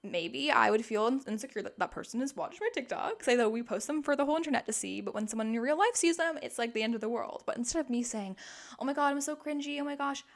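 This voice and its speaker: A woman's voice: fairly high pitch, animated, fast, vocal fry, hardly any pauses. A young woman in her twenties hosting a casual self-help podcast, chatty and upbeat with plenty of fillers. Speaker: podcast host.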